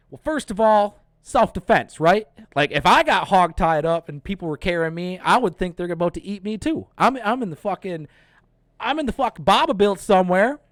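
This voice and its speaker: A young man hosting a casual movie review, retelling the plot excitedly, cursing and acting out lines. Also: a little high, no room sound, clean studio sound. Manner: excited, profane retelling with acted-out quotes. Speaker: host.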